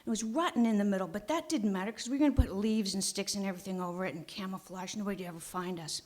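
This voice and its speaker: A woman telling a childhood story on a small theater stage, animated, with dramatic pauses and hushed asides. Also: medium pitch. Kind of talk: live storytelling performance.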